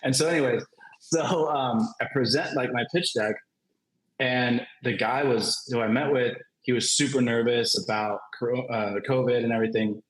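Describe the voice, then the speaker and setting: A man telling a story on a panel in a casual, animated way, laughing often and filling his talk with "like". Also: mid-range voice, normal speed. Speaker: comic creator, panel guest. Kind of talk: casual anecdote on a virtual panel. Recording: roomy echo.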